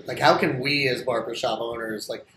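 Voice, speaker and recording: Halting co-host asking questions, echoey room. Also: male voice, mid-range voice, steady tone, fairly bright tone. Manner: questioning, halting, many "like" fillers. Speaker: barbershop owner, co-host. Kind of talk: casual chat. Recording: roomy echo, faint background hum.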